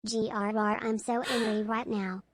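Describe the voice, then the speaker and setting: A woman's voice: fairly high pitch, level tone, measured pace, heavy background noise, lightly acted. Woman voicing a timid little baby dragon. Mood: grumpy.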